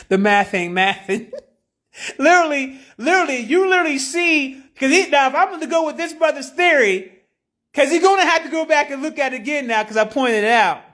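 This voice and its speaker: A woman hosting a live stream, giving casual commentary in an animated, slangy way and laughing often. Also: high voice, brisk. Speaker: livestream host.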